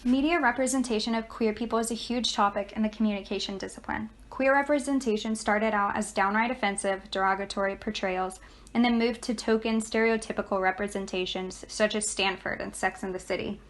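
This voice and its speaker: A young woman student giving a read class presentation at a steady, note-reading pace. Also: medium pitch, a little fast.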